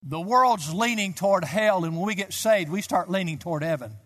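A man's voice: high voice, expressive, moderate pace, a bit bright. A man in his sixties, a Baptist pastor, preaching a sermon with emphatic delivery that climbs to fervent peaks. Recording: long hall reverb.

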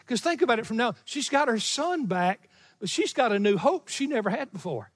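A middle-aged pastor preaches a sermon from the pulpit of a church sanctuary, his voice high for a man and very animated, ringing out with a long hall reverb. He presses hard on key phrases and draws them out slowly, breaking into small chuckles between points.

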